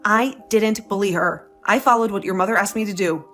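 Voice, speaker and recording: A woman's voice: medium pitch, fairly quick, a bit bright, soft background music, lightly acted. A woman voicing a young wife who stands her ground, talking in an indignant, sarcastic way. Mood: indignant, defiant. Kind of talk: dramatized story dialogue.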